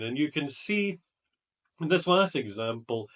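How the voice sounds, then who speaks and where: Male tutor, middle-aged, fairly high voice, unhurried, reads examples deliberately. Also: lively intonation, fairly bright tone, recorded from a distance. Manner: slow, deliberate, reading example sentences aloud. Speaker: IELTS examiner and teacher. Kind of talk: explanatory grammar lesson.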